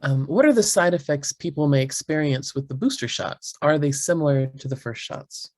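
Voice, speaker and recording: A man's voice: a little high, normal speed, darkish tone. A man moderating a webinar, thanking the guest and reading audience questions. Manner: reads out questions plainly.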